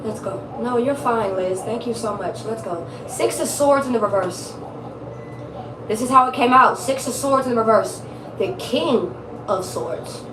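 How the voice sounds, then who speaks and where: A woman's voice: fairly high pitch, unhurried, roomy sound, distant mic, background noise. A woman giving a casual tarot reading, blunt, emphatic and profane, repeating her points for stress. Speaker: tarot reader.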